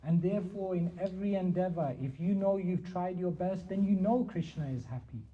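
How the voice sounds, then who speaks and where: A man, a spiritual teacher, answering questions in a measured talk with repeated emphatic phrasing. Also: high-pitched. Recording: dull lo-fi sound.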